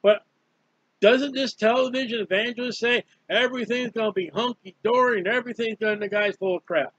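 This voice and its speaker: A man's voice: very high-pitched, a little fast, fairly bright tone, dry recording. A man preaching a fervent, emphatic Bible study sermon, repeating key phrases. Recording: dull lo-fi dry recording.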